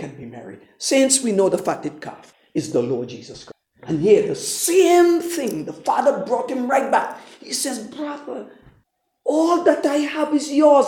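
A preacher reading scripture slowly, then preaching with big swings between loud calls and hushed asides, retelling the story in voiced quotes for the congregation. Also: mid-range voice, very animated. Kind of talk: sermon. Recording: echoey room.

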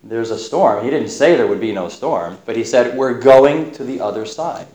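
A man preaching a sermon, reading and explaining Bible passages in a measured, thoughtful way. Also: medium pitch, expressive, warm tone, reverberant, rough recording.

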